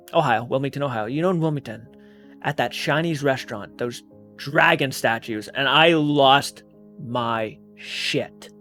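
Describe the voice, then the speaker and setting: A man's voice: mid-range voice, a bit bright. A man hosting his own channel, telling a paranormal experience in a casual, rambling, earnest way and swearing freely. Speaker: channel host.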